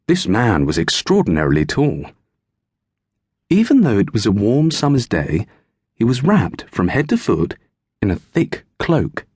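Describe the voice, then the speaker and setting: Man, children's audiobook narrator, animated, very expressive, slow. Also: on the low side, slightly rough, no echo. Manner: animated storytelling. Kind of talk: scripted narration of a children's story.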